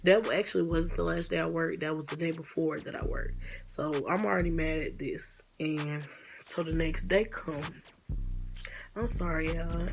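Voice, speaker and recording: A woman's voice: low-pitched, fairly even intonation, normal speed, vocal fry, over music. A young woman telling a story in a casual vlog, blunt and exasperated, swearing now and then. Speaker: vlogger.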